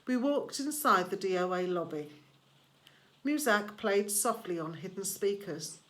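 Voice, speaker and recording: A woman reading a novel aloud in first person, measured and expressive. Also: medium pitch. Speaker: audiobook reader.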